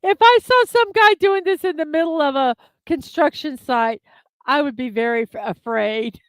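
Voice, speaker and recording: A woman's voice: high-pitched, normal speed, no echo. A woman hosting a daily morning livestream, chatting casually and giggling as she talks to viewers in the chat. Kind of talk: casual live-stream chat.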